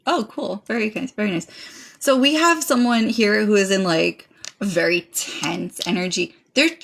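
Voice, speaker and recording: A woman's voice: medium pitch, normal speed, gravelly, a bit bright. A woman streaming a live tarot reading, chatting casually and dramatically, pouring thanks on her viewers. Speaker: livestream tarot reader.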